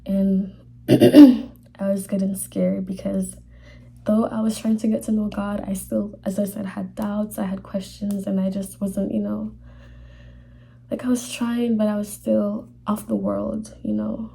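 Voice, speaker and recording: Husky, dark-voiced young woman telling a testimony. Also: mid-range voice. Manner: halting, many fillers, drops to whispers when emotional. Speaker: vlogger sharing a faith testimony. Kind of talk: personal testimony, casual storytelling.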